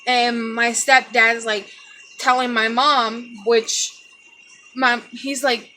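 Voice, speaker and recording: A young woman talks straight to her viewers, tearful and halting, circling back over her words. Her voice is bright and a little high, and she speaks slowly. A faint room hum sits behind her. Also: level tone. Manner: halting, repeats herself, addresses viewers as people. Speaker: vlogger. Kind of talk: emotional personal storytelling.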